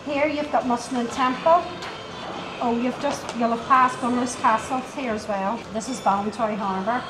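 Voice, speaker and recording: A woman's voice: on the high side, steady tone, normal speed. A woman giving a traveller directions, helpfully pointing out places along the coast on a map. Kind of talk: casual conversation. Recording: echoey with loud background noise.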